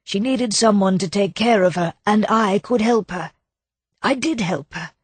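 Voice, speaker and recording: A woman reading the part of a gentle older widower, shy and heartbroken, speaking low and apologetically. The voice is husky and sits at a middling pitch. The recording is dry and close. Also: a little slow, dry recording. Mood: mournful. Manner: soft, apologetic, subdued. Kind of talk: audiobook narration.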